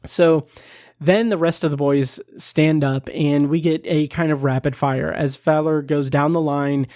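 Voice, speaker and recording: A man's voice: on the high side, fairly even intonation, measured pace, a little mellow, no echo, studio quality. A man hosting a podcast review, talking in a casual, gushing way, teary-eyed and holding back tears. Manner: emotional, gushing, many fillers. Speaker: podcast host reviewing an episode.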